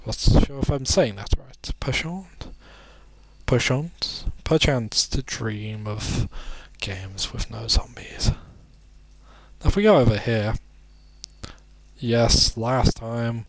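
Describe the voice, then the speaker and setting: Drowsy male let's-player, mid-pitched voice, dry close sound, rambles and mocks his own jokes. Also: takes it slowly, no echo. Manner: rambling, self-deprecating jokes, muttering asides. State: sleepy, yawning. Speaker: let's play commentator. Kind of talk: casual game commentary.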